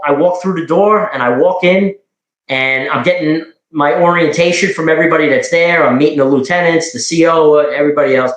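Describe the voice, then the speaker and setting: A middle-aged man from New York casually telling police stories in a rambling, animated way, quoting dialogue. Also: fairly high pitch, reverberant, poor audio. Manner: rambling, animated, with frequent restarts and quoted dialogue. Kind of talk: casual storytelling.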